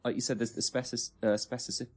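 A man's voice: mid-range voice, quick pace, breathy edge. A man in a casual chat about comedy, rambling with lots of "like" and fillers. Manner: relaxed, rambling, many fillers like "like".

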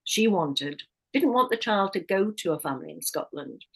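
A woman's voice: medium pitch, animated, moderate pace, gravelly, breathy edge, low-quality recording. Candid woman guest telling her story. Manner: candid, with frequent restarts and self-corrections. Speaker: guest, hypnotherapist and life coach. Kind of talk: personal storytelling in a podcast interview.

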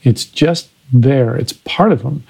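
A man's voice: medium pitch, takes it slowly, creaky, darkish tone, slightly rough, poor audio. A man hosting a podcast, analyzing films in a conversational way. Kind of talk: casual film discussion.

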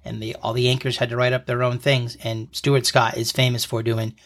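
A man's voice: mid-range voice, level tone, brisk, a bit bright. A man in his thirties co-hosting a casual podcast, explaining slang in a playful mock-lesson way, close to the mic. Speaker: podcast co-host quizzing his partner.

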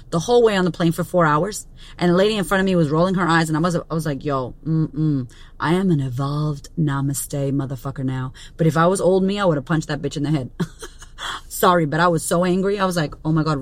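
A woman's voice: mid-range voice, dry recording. A woman in her thirties, a business coach and podcast host, delivering a blunt, profane motivational monologue with strong emphasis. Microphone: studio podcast mic.

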